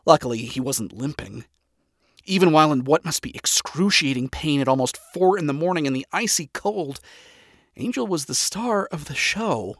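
A man reading a first-person story aloud, with sarcastic, profane, deadpan asides. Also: mid-range voice, moderate pace, no echo, studio quality. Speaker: story reader.

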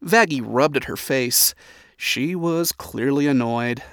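Male storybook narrator, steady reading, medium pitch, dry close sound. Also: slow, no echo.

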